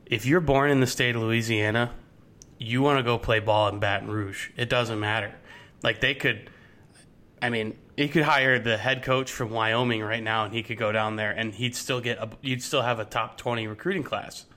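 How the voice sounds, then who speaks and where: Bright-voiced young man talking college football. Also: mid-range voice, normal speed. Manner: rambling, animated, many restarts. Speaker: podcast co-host. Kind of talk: casual sports chat.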